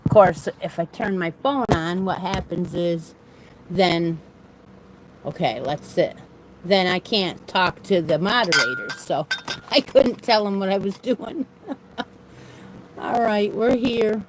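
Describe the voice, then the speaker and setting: A woman of medium pitch speaks slowly with long pauses while hosting a casual crochet live stream. She rambles and laughs frequently into a phone propped on her desk in a room at home, and the background is noisy.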